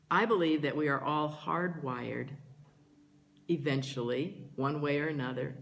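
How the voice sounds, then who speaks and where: An older woman giving a slow, reflective spiritual talk as a teacher, gentle and earnest, pausing often between phrases. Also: sits low, a little hiss or hum.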